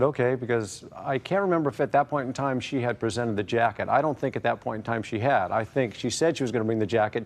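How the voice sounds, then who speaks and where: Halting man testifying in court. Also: mid-range voice, a little mellow. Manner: hesitant, halting, many fillers. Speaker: plaintiff.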